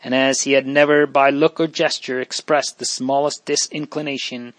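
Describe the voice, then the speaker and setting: A man reads a period novel aloud in a measured, even storytelling voice. His pitch sits in the middle range. The recording is dry and close, with no room sound. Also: dry recording. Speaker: audiobook narrator. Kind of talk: scripted narration of a period novel.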